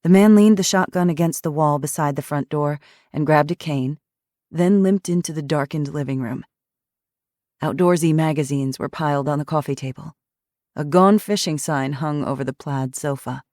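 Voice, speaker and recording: A woman narrating an audiobook in a measured, steady storytelling manner. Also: low-pitched, dry recording, clean studio sound.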